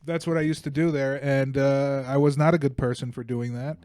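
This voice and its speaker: A man's voice: medium pitch, steady tone, a little fast, a little mellow. A young man from Bulgaria, co-hosting a comedy podcast and telling crude, rambling stories while laughing at his own jokes. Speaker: podcast co-host. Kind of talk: casual comedic storytelling.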